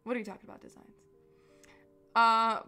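A woman's voice: on the high side, lively intonation, normal speed, fairly bright tone, soft background music. A young woman chatting casually with her livestream audience as an artist, bubbly and full of "like" fillers. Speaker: artist streaming to chat.

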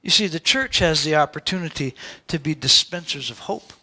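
A man's voice: fairly high pitch, animated, moderate pace, sharp tone. A male pastor preaching a sermon in a church, telling stories in a conversational way with asides to the congregation.

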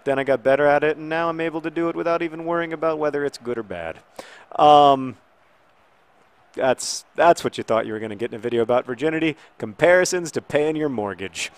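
Host, thirties man, mid-pitched, halting and rambling, with sudden excited yelps at the game. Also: clean tone. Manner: rambling, halting, many fillers and restarts; bursts into excited outcries at the game. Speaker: video host playing a football game. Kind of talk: casual talk over gameplay.

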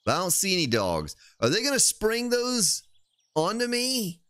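Lively, bright-voiced male game streamer. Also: high voice, moderate pace, smooth, no room sound, studio quality. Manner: playful, joking while reading chat. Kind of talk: casual live-stream chat.

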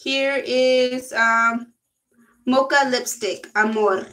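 A woman's voice: high-pitched, fairly even intonation, very slow, a bit bright, slight background noise, poor audio. A young woman gushing and giggling through a casual makeup haul video. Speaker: beauty vlogger.

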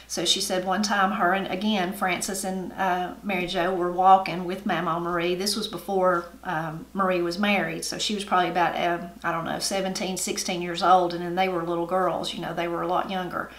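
A middle-aged woman with an Appalachian accent, hosting her channel and telling family stories in a folksy, unhurried way. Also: lowish voice, level tone, a bit bright. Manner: folksy, unhurried storytelling with homey grammar. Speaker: channel host. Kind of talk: family storytelling. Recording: roomy echo.

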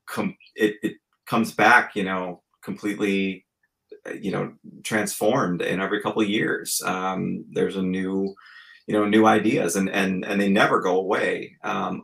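A man's voice: sits low, vocal fry, a bit bright, poor audio. A man in his forties, a podcast guest, telling stories in an earnest, reflective way in casual chat. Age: 40s.

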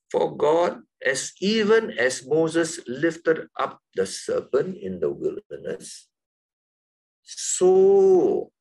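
Male Bible teacher, husky voice, very lively pitch, emphatic classroom delivery. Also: low-quality recording. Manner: lively, emphatic, rising high on key words.

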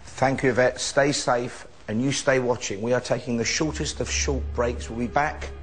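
A man presenting a live broadcast, handing over to and from the scene in smooth scripted links. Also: medium pitch, steady tone, moderate pace. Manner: smooth scripted hand-offs. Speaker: studio presenter. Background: music.

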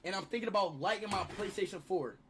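A man's voice: high voice, fast, slight background noise. A young man making a prank phone call in a playful, mock-earnest way, speaking into a streaming mic at his desk. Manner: playful, mock-earnest, bursts into fake panicked yelling.

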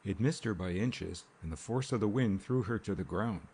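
A man narrating a mystery novel in a measured, steady audiobook reading. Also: fairly low pitch, slightly rough. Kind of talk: scripted narration. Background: rain sounds.

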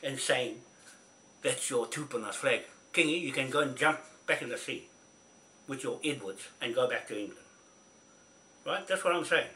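A man's voice: mid-range voice, expressive, normal speed, long pauses, pushed and bright, a little hiss or hum. A man delivering an angry, confrontational rant straight to camera, scolding and repeating himself. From New Zealand. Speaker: vlogger.

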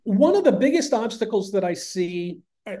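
Older male guest, Northeastern US accent, rambling anecdotal talker, slightly high voice. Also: big pitch swings, normal speed, warm tone. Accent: American Northeast. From upstate New York. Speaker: podcast guest. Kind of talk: casual conversation.

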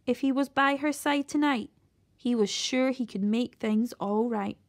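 Woman, higher voice, reading a chapter book aloud, steady, the odd self-correction. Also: a little slow. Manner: steady read-aloud with occasional slips and restarts. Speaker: storyteller reading a children's book. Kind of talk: reading a children's novel aloud.

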